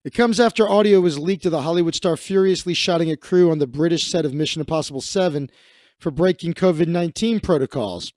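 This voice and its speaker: A man's voice: high voice, a little mellow, no echo, studio quality. Sarcastic male stream host. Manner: sarcastic, profane asides. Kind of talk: comedic live-stream commentary reading the news.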